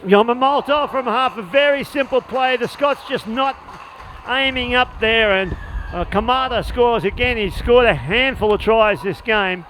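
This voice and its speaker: A man calling live play-by-play at a sports match, rapid and excitable when a score comes. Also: very high voice, slight background noise, poor audio. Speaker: play-by-play commentator. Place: outdoor sports venue.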